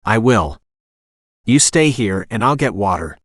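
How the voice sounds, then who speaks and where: A man with a synthetic narrator voice reading the lines of a calm, firm soldier with a dry sense of humor. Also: lowish voice, measured pace, no room sound. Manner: steady, dryly humorous. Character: calm, firm male soldier caring for her.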